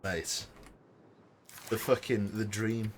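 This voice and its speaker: A man's voice: lowish voice, level tone, slow pace, a little hiss or hum. A man streaming a survival game, chatting casually in a rambling, sweary, self-amused way into a desk mic. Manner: rambling, sweary, joking to himself. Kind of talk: casual gameplay commentary.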